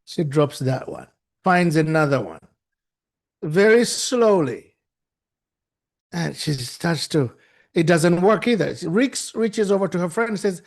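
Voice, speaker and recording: Male guest speaker, high and gravelly, animated storyteller. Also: unhurried, long pauses. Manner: animated, acts out the people in the story; restarts and repeats himself for effect. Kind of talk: storytelling talk.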